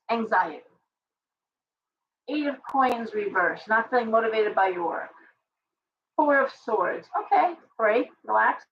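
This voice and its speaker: A middle-aged woman hosting a casual livestream tarot reading, chatty and ranting with animated asides. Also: a little high, creaky, recorded from a distance, muffled recording, a little hiss or hum. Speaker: tarot reader and live stream host.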